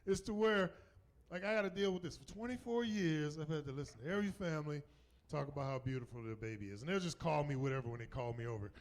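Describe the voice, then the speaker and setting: A middle-aged man from the Southern United States performs stand-up on a club stage, talking fast. When quoting people, he jumps into high, mocking voices.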